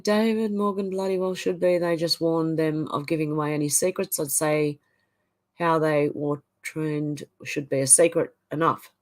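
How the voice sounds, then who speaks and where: A woman hosting a livestream, reading out viewer comments and chatting back in a casual way. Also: sits low. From Australia. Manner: chatty, reads viewer comments aloud and reacts. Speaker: livestream host. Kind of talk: reading out live chat comments.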